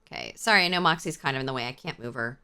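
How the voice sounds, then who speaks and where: A woman streamer in casual live-stream chat, swearing freely and answering her chat aloud with excitable reactions. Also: a bass voice, very fast, clean tone, soft background music.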